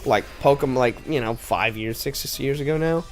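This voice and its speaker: A man's voice: mid-range voice, normal speed, darkish tone. A young man casually commenting on a video game stream, rambling with many fillers and giggling often. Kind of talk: casual let's-play commentary. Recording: faint game music behind.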